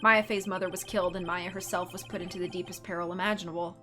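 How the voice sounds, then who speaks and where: A woman voicing a composed young male prosecutor in a measured, formal manner, as a dramatic game reading. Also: lowish voice, fairly even intonation, over music, pitched below the performer's own voice, lightly acted. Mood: solemn.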